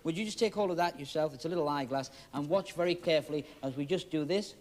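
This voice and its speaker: A man with a slightly high voice and a fast way of talking hosts a 1970s magic show on TV. Before the studio audience, he leads volunteers through a trick with jokey, teasing banter.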